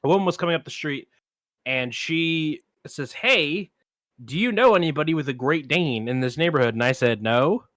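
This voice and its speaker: A film podcast co-host, this man has a voice on the high side at normal speed, recorded with no room sound. In casual chat he spins a long, animated anecdote, performing the voices of those he quotes.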